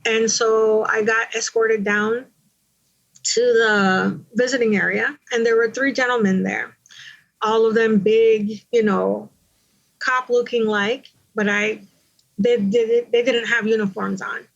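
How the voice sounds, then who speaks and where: A woman with a slightly high voice tells her own story candidly in an interview. She talks conversationally and often says "you know". The recording sounds dull and lo-fi. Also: fairly even intonation, slow, creaky. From Panama.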